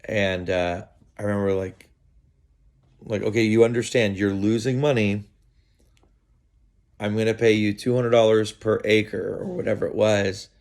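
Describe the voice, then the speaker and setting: A man with a lowish voice tells a story in a relaxed, unhurried way, pausing often and restarting his sentences. He speaks outdoors in the early morning. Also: gravelly. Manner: relaxed, halting, many fillers and restarts. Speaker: vlogger. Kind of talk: casual storytelling to camera.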